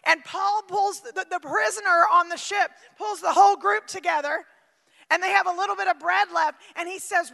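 A woman preaching a sermon with emphatic swings from shouting to near-quiet. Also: very high-pitched, normal speed, creaky, in a large hall.

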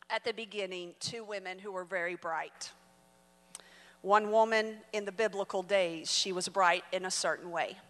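A woman in her forties preaching as a guest speaker, telling a personal story. She swings from soft asides to loud exclamations. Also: lowish voice. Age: 40s. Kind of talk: sermon with storytelling. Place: church auditorium. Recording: long hall reverb.

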